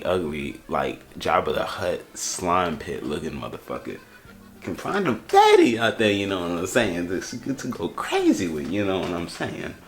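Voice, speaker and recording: A young man doing comedic reaction commentary, ranting in slangy, exasperated bursts that often stammer and restart. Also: low-pitched. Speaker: YouTube roast commentator.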